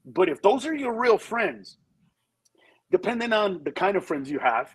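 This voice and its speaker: A man with a somewhat high, husky voice talks frankly as a guest comedian on a talk show. He tells stories in an animated way and slips into other people's voices. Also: moderate pace, low-quality recording. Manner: animated storyteller who acts out voices in quotes. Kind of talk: candid talk-show conversation.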